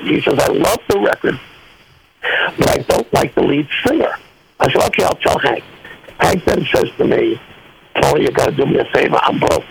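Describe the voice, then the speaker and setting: Gravelly, lively older man telling stories. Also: on the high side, a little hiss or hum, poor audio. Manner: animated storyteller acting out dialogue. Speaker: guest singer. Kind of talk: radio interview storytelling.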